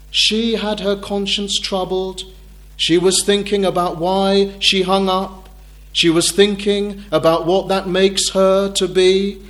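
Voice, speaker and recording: A middle-aged man preaching a sermon in a measured, thoughtful way, with frequent hesitations. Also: fairly high pitch.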